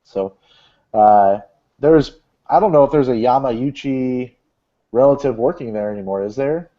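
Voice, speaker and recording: A man's voice: mid-range voice, unhurried. Rambling man on a lo-fi podcast. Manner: rambling, joking, many fillers. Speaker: podcast host reading gaming news. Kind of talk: casual podcast chat. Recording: dull lo-fi podcast audio.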